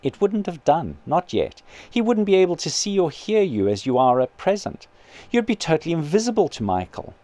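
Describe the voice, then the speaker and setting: A calm, kindly male spirit, read by a man, speaking in an earnest, patient voice that still rises and falls a lot. Close and dry. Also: on the high side, moderate pace, dry recording. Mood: gentle. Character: patient gentle male spirit, her brother.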